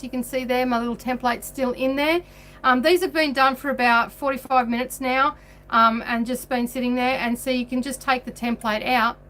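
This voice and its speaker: Chatty woman, high voice. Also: a bit bright. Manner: chatty, laughs often. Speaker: craft livestream host. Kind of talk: casual craft tutorial. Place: home sewing room.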